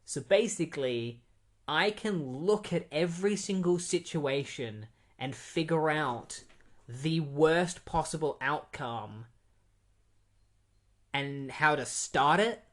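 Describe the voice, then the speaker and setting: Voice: medium pitch, slow pace, a bit bright. A comic book podcast host talks through an issue in a loose, chatty way. The delivery is amused, with frequent fillers and side remarks. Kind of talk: casual comic recap.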